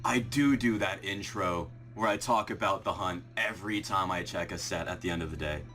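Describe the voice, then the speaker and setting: A young man recording a vlog, swinging from ecstatic shouting and laughter to quick, low explanations, shaky and breathless with excitement. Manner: quiet muttered counting. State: shaking with excitement, heart racing. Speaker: shiny hunting video creator. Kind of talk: excited live reaction vlog.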